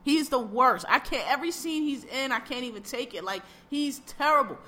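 Ranting bright-voiced woman podcaster. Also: sits high, brisk. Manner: blunt, animated ranting with repeated words. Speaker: podcast co-host. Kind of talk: casual chat reviewing a TV show.

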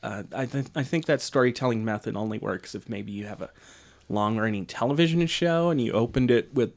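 A man's voice: mid-range voice, brisk, vocal fry. A man co-hosting a casual podcast chat about a movie, talking in a wry, rambling way. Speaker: podcast co-host.

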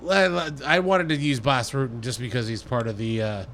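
A man talking casually as a guest, thinking aloud in halting bits with restarts. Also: medium pitch, a bit bright, slight background noise. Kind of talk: casual chat.

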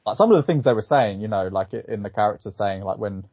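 A man's voice: lowish voice, lively intonation, quick pace, no echo. Man reviewing films over a tinny line. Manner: rambling, filler-heavy, hesitant. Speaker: film podcast co-host. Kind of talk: casual film review chat. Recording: phone-like thin sound, dry.

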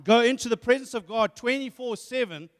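A man preaching with a very high voice, animated and full of rhetorical questions. He stumbles over repeated words as he builds each point. His voice rings out with a long hall reverb. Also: fairly quick. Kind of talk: sermon.

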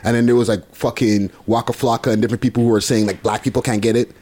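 A man's voice: mid-range voice, fairly even intonation, fast, darkish tone. A man hosting a casual podcast who steers the talk from topic to topic in a loose, chatty way. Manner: drives the topics, loose and chatty, many fillers. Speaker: podcast host. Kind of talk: casual chat.

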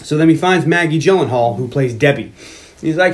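A podcast host casually retelling a movie plot, loose and profane, with frequent laughs. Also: male voice, a little high, fairly quick. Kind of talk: casual movie recap chat.

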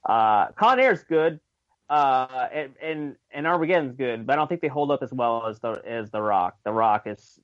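A man's voice: mid-range voice, expressive, normal speed, dry recording. Hesitant man, dry dull recording. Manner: hesitant, restarts, many fillers. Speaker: podcast co-host. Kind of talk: casual chat.

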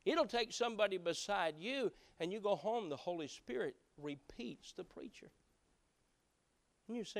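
A man preaching a sermon in a folksy way, dropping to hushed voices when acting out conversations and rising to loud emphasis. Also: high voice, lively intonation, normal speed, vocal fry. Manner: swings between hushed acted-out dialogue and loud emphatic preaching; folksy, preaching with colloquial phrases. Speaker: pastor.

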